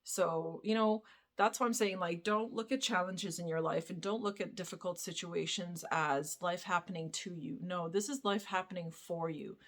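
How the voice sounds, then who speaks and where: A woman's voice: lowish voice, steady tone, moderate pace. A young adult woman vlogging, telling a personal story in a chatty, casual way with lots of fillers and casual swearing. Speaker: spiritual vlogger.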